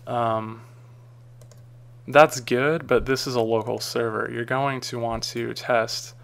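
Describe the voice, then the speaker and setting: Man, tutorial narrator; gravelly, smooth tone, loose rambling delivery. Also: medium pitch, steady tone, takes it slowly, a bit bright. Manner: casual, rambling, frequent ums and uhs. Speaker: tutorial maker. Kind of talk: screen-recorded software tutorial.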